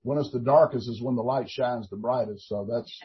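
An older man, a minister giving an earnest, halting testimony in a Christian talk show interview, full of restarts. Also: mid-range voice, slightly rough. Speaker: prison minister. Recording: dull lo-fi recording.

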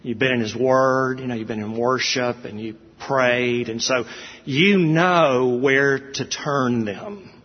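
A man's voice: medium pitch, takes it slowly. A middle-aged man preaching a sermon as pastor, earnest and rising to emphatic peaks. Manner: earnest, builds to emphatic peaks, says "y'all". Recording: dull, echoey church hall.

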